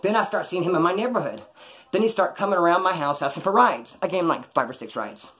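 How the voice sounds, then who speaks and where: A middle-aged man tells a prison story in a rapid, loose stream, swearing freely and acting out what others said. His voice sits a bit high for a man, and he barrels along without slowing down. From Bakersfield, California. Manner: rapid, profane, animated, acts out others' lines. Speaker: former prisoner telling stories. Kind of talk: casual storytelling.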